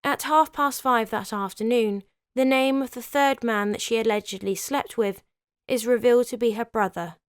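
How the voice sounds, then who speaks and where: A woman's voice: fairly high pitch, moderate pace, clear, resonant tone, no room sound, clean studio sound. A woman hosting a history video, telling the story in a scripted but conversational way, with chatty asides.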